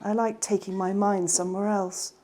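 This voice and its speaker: Gentle woman reading a story. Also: mid-range voice, little pitch movement, moderate pace. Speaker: author reading her book.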